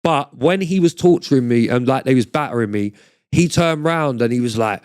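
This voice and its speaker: A man's voice: mid-range voice, normal speed, a little mellow, smooth. A middle-aged man, a podcast guest telling stories in blunt, swearing street slang. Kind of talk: casual storytelling chat.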